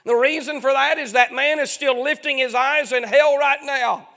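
High-pitched gravelly preacher. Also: male voice, steady tone, sharp tone. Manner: chanting, drawn-out phrases with frequent "uh". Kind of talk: fiery revival sermon.

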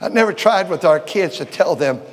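An older man preaching a folksy sermon, repeating words and swinging from shouts to quiet talk. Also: high-pitched, expressive, normal speed. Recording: long hall reverb.

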